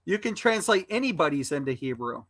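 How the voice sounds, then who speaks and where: A man arguing heatedly on a livestream, insulting an opponent with loud bursts. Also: a little high, big pitch swings, fairly quick, no echo. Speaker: livestream debate panelist.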